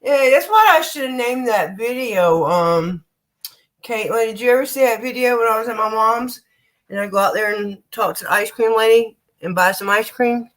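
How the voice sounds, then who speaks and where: A woman's voice: on the high side, moderate pace, fairly bright tone. Chatty American woman vlogger. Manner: chatty, swears casually, talks to viewers. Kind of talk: casual live-stream chat.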